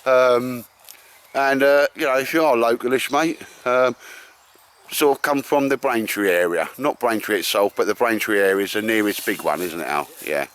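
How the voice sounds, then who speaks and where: Out in the woodland, this Essex-accented bushcraft vlogger talks to the camera in a relaxed, rambling, matey manner, addressing everyone as mate. His voice is medium-pitched, a bit bright and smooth, at a normal speed.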